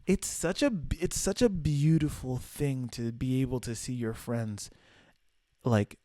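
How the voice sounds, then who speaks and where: A young man from the American South hosting a casual solo podcast, telling stories with swearing and playful high-pitched asides. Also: a little slow, no room sound. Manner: animated storyteller, swears freely, acts out quotes in high voices. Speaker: podcast host.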